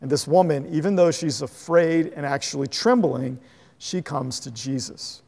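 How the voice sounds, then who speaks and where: A man preaching a sermon as a pastor, animated and conversational, chuckling at his own asides. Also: a little high, moderate pace, gravelly, in a large hall. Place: church sanctuary.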